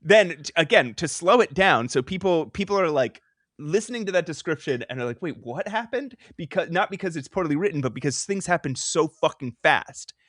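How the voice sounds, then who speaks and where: A man co-hosting a casual comic book podcast, recapping plot in a rambling way with self-interruptions and quick jokes. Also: fairly high pitch, expressive, fairly bright tone, no room sound, clean studio sound. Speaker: podcast co-host.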